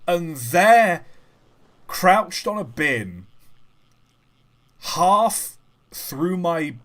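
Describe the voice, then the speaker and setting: A young man, chatting and telling stories casually on a live stream, animated and dropping the odd swear word. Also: high voice, extremely slow.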